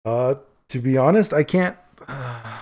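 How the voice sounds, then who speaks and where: A man's voice: mid-range voice, animated, unhurried, a little mellow. Man telling a rambling childhood story. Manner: rambling, self-amused storyteller. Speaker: podcast co-host. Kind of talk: casual chat.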